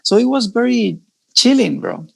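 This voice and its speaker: A man's voice: high-pitched, wildly swooping pitch, normal speed, creaky, a bit bright, slightly rough. A man from Mexico with a Mexican accent who speaks English as a second language. He chats casually as a guest and laughs often. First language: Spanish. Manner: laughs often, says "bro" a lot. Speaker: guest salsa dancer. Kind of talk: casual interview chat.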